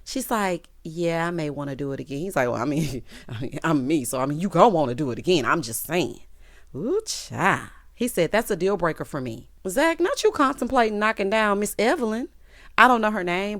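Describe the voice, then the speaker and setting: A sassy woman recaps a TV episode in a casual vlog, laughing and acting out each character. Her pitch swings all over, full of life. The sound is dry and close. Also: very animated, a bit bright, no room sound. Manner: sassy, playful, quick to laugh, acts out characters' lines. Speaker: TV recap reviewer.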